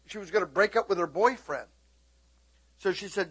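Husky high-voiced man preaching a sermon. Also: moderate pace. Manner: animated storytelling, sudden high shouting bursts; keeps checking in with listeners. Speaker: pastor.

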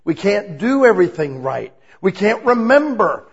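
Husky-voiced animated male preacher. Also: high-pitched, normal speed, hardly any pauses. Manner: animated, acts out prayers and God's replies in shifting tones. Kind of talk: sermon. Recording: dull lo-fi recording.

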